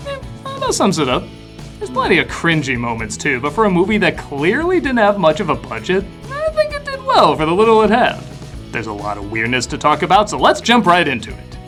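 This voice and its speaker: A man's voice: on the high side, huge pitch swings, fairly quick, music in the background. A man giving a scripted comedic film review with a sarcastic, wry delivery. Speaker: film critic.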